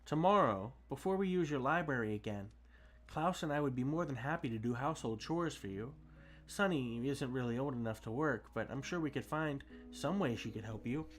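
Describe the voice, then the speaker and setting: A man's voice: mid-range voice, expressive, normal speed, lightly acted. A man voicing a careful, polite teenage girl in a storybook reading, earnest and level. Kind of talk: storybook read-aloud.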